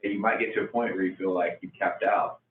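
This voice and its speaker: A man's voice: low-pitched, fairly even intonation, fast, a little hiss or hum. A man, encouraging an audience of business owners in a casual way. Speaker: business coach. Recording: far-off, echoey, phone-like hall audio.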